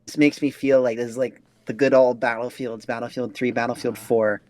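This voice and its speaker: A man's voice: mid-range voice, flat delivery, a little fast, darkish tone, no room sound. A young man hosting a casual podcast, asking loose questions with lots of fillers. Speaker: podcast host.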